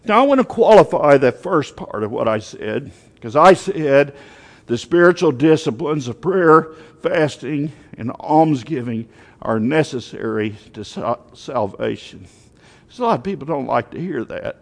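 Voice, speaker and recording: Preacher, male, lively sermon voice pitched a bit high, recorded with a long church-hall echo. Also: unhurried. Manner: animated storytelling with emphatic rises.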